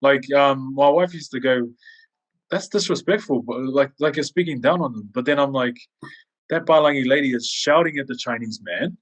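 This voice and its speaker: A man's voice: medium pitch, a little fast. A man co-hosting a podcast, chatting casually and acting out quoted voices as he tells stories. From Samoan heritage. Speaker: podcast co-host. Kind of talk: casual chat.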